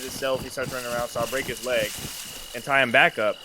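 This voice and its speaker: A man telling an animated story in casual chat over a team voice call while gaming, swearing freely. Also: mid-range voice, fast, a crowd in the background. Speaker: gamer recording his play.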